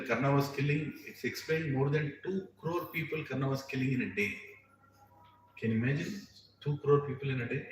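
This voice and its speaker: A man's voice: mid-range voice, a bit bright, slight background noise. A man with an Indian English accent telling a scripture story as a lecture, acting out the characters' voices and laughing often. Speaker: spiritual teacher telling scripture stories. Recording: roomy distant mic with faint ambience.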